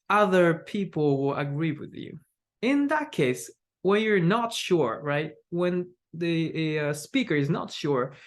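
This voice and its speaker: A man teaching an English intonation lesson, slow and patient, with many fillers as he acts out example sentences aloud. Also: on the high side. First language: Japanese. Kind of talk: recorded online lesson.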